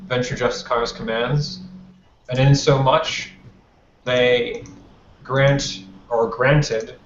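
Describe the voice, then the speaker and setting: A man's voice: medium pitch, close to an everyday voice. A man voicing a commanding vampire prince in his forties, making a formal ceremonial address in a tabletop game. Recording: roomy, dull lo-fi, faint noise.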